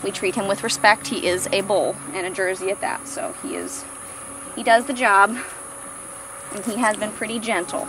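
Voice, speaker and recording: A woman's voice: mid-range voice, background noise. A woman giving a casual tour of her farm outdoors, chatting and cooing baby talk at her animals while out of breath from walking in the heat.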